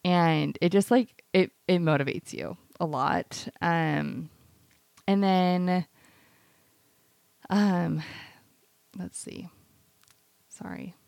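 A woman on a podcast mic with a low, gravelly voice, telling a long story in a loose, rambling way. She leans on "like" every few words. The recording is dry and close, with no room sound. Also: drawn-out words, pauses often, a little mellow, dry recording. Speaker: podcast co-host. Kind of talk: casual podcast chat.

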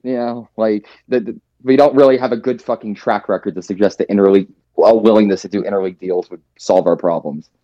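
A man's voice: on the low side, fairly even intonation, quick pace, mellow, dry recording. A hungover man co-hosting a soccer podcast, ranting with frustration and swearing. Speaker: podcast co-host. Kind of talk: casual chat. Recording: dull lo-fi sound.

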